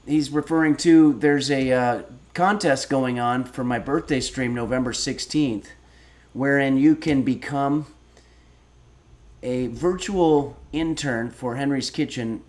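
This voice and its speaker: A man in his fifties hosting a casual cooking livestream, reading viewer messages aloud and answering with deadpan, rambling stories. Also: mid-range voice. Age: 50s. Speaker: streaming cooking show host.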